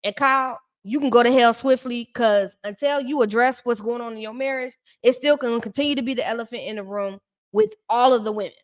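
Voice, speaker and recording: A woman with a voice pitched a little on the high side talks through a reality show episode in casual recap commentary. Her delivery is sassy and blunt, full of slang and direct asides to the people on screen. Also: brisk.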